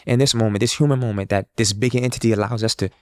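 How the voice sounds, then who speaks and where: A man's voice: fairly low pitch, racing, no room sound, studio quality. A man, a street musician, telling a story in casual talk and acting out the dialogue of the people in it. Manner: animated, acts out quoted dialogue.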